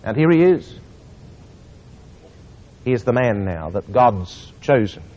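A man preaching a sermon to a congregation, reading scripture slowly with earnest emphasis. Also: medium pitch, sing-song, a little mellow. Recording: muffled recording in a reverberant hall.

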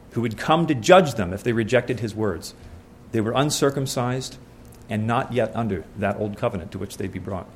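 Over slight background noise, a male preacher of middling pitch gives a conversational sermon drawn from scripture. He repeatedly poses questions to the congregation and answers them himself, sounding earnest and friendly.

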